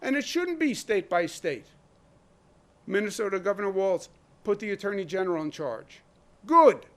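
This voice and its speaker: In a governor's press briefing, a very animated man with a fairly high, fairly bright voice emphasizes each point. His delivery is punctuated by rhetorical questions and deliberate pauses.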